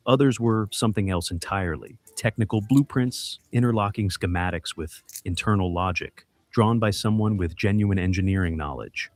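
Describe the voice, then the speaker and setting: Low-pitched man narrating a suspenseful mystery. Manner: measured, suspenseful, clipped short phrases. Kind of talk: scripted dramatic mystery narration.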